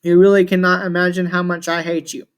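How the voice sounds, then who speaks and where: A man's voice: high voice, flat delivery, fairly quick, clear, resonant tone, close to an everyday voice. A grumbling, contemptuous ancient chaos god trapped in a small shell creature, read out by a man narrating a storybook. He speaks grandly about eternity and sneers at everyone around him. The reading stays plain and close to an everyday voice. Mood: scornful.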